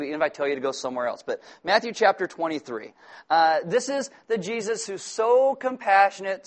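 A man preaching a sermon to a congregation, working humorous asides and quick jokes into his Bible teaching. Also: sits high. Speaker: pastor.

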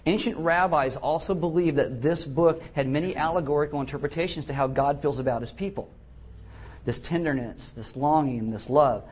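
Middle-aged male pastor, husky, slightly high voice, animated sermon delivery with acted-out asides. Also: normal speed. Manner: animated, acts out quoted voices.

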